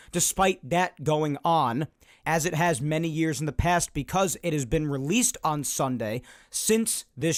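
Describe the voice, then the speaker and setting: A man hosting a casual podcast, talking in a chatty, ranting way while raspy from phlegm. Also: a little high, no room sound, clean studio sound. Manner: chatty, ranting, loud energetic openings. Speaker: podcast host. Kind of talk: casual solo podcast talk.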